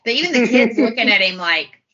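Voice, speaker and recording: A woman's voice: a little high, fairly quick, highs cut off, a crowd in the background. A woman co-hosting a podcast, chatting casually and animatedly about a film. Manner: chatty, animated, laughs often. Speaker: podcast co-host. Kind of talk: casual film commentary chat.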